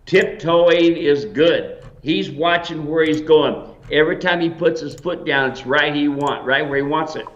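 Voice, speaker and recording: Older ranch guy giving folksy tips, kinda high voice, echoey lo-fi sound. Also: measured pace, fairly bright tone. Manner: folksy, emphatic and encouraging. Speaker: mule ranch owner and guest expert. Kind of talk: casual advice chat.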